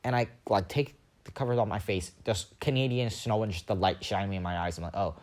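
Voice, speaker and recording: With a fairly low voice and a quick pace, a young man on his podcast tells a meandering story solo, lively and loose, putting on voices for everyone he quotes.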